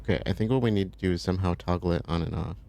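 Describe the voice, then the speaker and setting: A man narrates his gameplay in a low, gravelly voice with a touch of vocal fry. He chats loosely and thinks out loud as he works through menus, in a relaxed, unhurried way. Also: slight background noise. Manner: relaxed, thinking aloud, chatty asides. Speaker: let's play host. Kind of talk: casual gameplay commentary.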